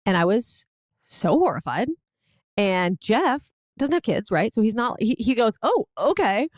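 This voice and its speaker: A woman's voice: medium pitch, animated, unhurried, no room sound, clean studio sound. A woman co-hosting a podcast, chatting casually and telling anecdotes in a wry, teasing way. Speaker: podcast co-host. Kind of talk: casual chat.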